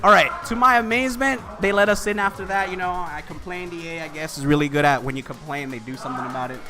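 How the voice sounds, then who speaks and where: A man's voice: on the high side, quick pace, over music. A man telling a long frustrated story in casual chat, full of "you know" and "like" fillers. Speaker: commentator.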